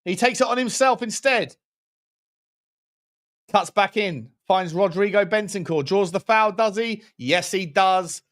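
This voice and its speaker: A man streaming a football watchalong, giving running commentary on the game with jokes and shout-outs to viewers. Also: sits high, measured pace. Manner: jokey, excitable, chats with viewers between plays. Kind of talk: live match commentary and chat.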